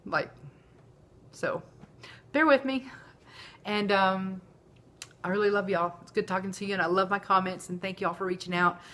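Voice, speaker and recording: A woman's voice: mid-range voice, level tone, normal speed, sharp tone. A woman, talking candidly and emotionally in a rambling personal vlog. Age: 40s. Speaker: vlogger. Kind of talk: casual confessional vlog.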